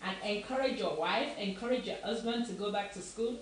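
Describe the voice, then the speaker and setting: A woman's voice: mid-range voice, fairly quick, a little hiss or hum. A woman from Africa, hosting a live online show in a chatty, encouraging way and laughing often. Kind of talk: casual talk to live viewers. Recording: echoey room, mic far off.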